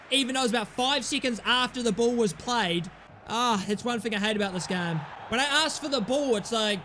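Excitable high-voiced man commentating his game. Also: slight background noise. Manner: excitable, swings between muttering and yelling; cheeky, sweary banter at teammates. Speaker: gaming YouTuber. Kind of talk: live gameplay commentary.

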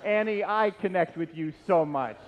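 This former youth pastor, now middle-aged, has a high-sitting voice and a moderate pace. His tribute at a church retirement celebration is a comic story at his own expense, told with animation and plenty of self-deprecation. The sound is lo-fi and dull, echoing around a hall with a light hiss.

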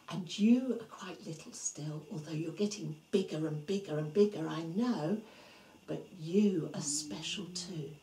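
Gentle, animated woman telling a toddler's story. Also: mid-range voice, roomy sound, a little hiss or hum, poor audio. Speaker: children's presenter. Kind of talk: preschool storytelling.

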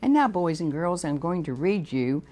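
A woman with an American accent reading a storybook aloud to children on a TV show, slow and gently expressive. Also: on the low side, over loud music. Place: TV studio.

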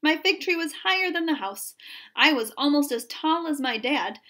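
A woman teacher reading a children's story aloud in an expressive storytelling manner. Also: high-pitched, normal speed.

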